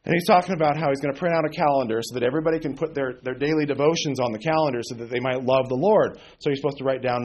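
A man's voice: mid-range voice, very fast, hardly any pauses, a little mellow, a little hiss or hum. A man preaching an informal sermon, blunt and sarcastic, with folksy asides. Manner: mocks emotional prayers in exaggerated voice.

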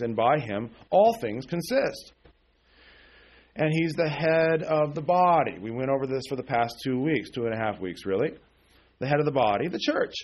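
Preaching in a conversational way, this pastor keeps asking his listeners questions and pausing to say "okay?" His voice is husky, mid-range, and a touch mellow.

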